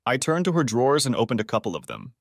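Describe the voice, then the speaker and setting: Male audiobook narrator, mid-range voice, steady first-person storytelling. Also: medium pitch, quick pace, gravelly, dry recording, clean studio sound.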